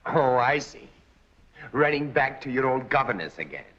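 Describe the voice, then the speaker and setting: A brusque mocking husband. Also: male voice, mid-range voice, sing-song, moderate pace, a bit bright. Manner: scornful, brusque. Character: impatient husband, curt and mocking. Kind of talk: 1940s film acting. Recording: dull, noisy old film soundtrack.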